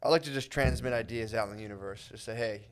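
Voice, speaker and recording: A man's voice: lowish voice, very fast. An American man in his thirties co-hosting a comedy podcast, chatting in a laid-back, rambling way and saying "dude" constantly. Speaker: podcast co-host. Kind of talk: casual comedic chat.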